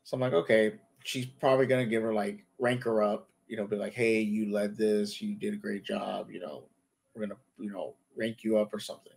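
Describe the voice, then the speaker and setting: A man's voice: lowish voice, flat delivery, a little fast, creaky, darkish tone, breathy edge. A man hosting a casual chat, retelling scenes and acting out the characters' lines. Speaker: podcast host. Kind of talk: casual show review chat.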